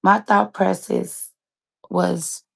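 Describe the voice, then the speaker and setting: A woman's voice: lowish voice, level tone, very slow, creaky, breathy edge, dry recording. A woman around forty, hosting a live stream, telling a painful personal story in a candid, casual way and speaking straight to her listeners. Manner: casual, emotional, speaks straight to listeners with "y'all" and "you guys".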